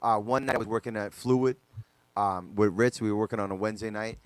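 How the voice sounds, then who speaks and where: A man's voice: lowish voice, steady tone, brisk, clear, resonant tone, no room sound. A man, a DJ guest on a podcast, telling stories casually with loose slang and lots of fillers.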